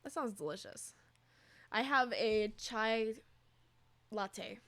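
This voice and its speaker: A woman's voice: a little high, normal speed. A young woman streaming, chatting casually with her viewers and cooing over her cat. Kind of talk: casual chat with chat.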